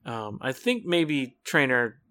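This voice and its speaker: Bright, rambling young man. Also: medium pitch, big pitch swings, takes it slowly. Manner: rambling and hesitant, full of restarts. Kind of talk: casual chat.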